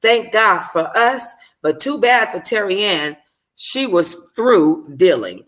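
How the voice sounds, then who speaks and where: A woman's voice: mid-range voice, big pitch swings, takes it slowly, fairly bright tone. A woman reading a novel aloud for a book club, casual and profane, stopping to apologize for slips.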